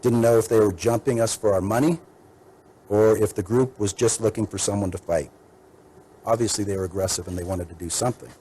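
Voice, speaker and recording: Low, dark-voiced defense attorney arguing. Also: male voice, fairly even intonation, slight background noise, rough recording. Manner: measured, methodical, lists points. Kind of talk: courtroom mitigation argument. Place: courtroom.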